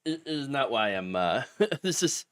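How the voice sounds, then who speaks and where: A man's voice: mid-range voice, big pitch swings, measured pace, a bit bright, no room sound. A man hosting a political commentary live stream, with the hiccups, talking casually and restarting sentences often. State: has the hiccups.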